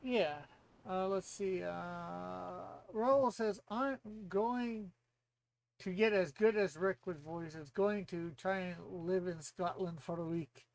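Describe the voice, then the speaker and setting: A man hosting a livestream, chatting casually with relaxed, easygoing replies. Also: sits high, slow, gravelly. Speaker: stream host. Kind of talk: casual chat.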